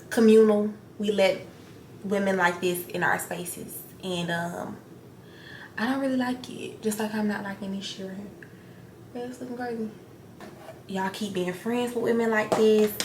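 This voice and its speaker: A young woman talks straight into the camera while getting ready, blunt and full of profanity, acting out what people said. Her voice sits at a middle pitch and bounces around an echoey room with a faint hum of ambient noise behind it. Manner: blunt, profane, animated retelling with acted-out quotes. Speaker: beauty vlogger.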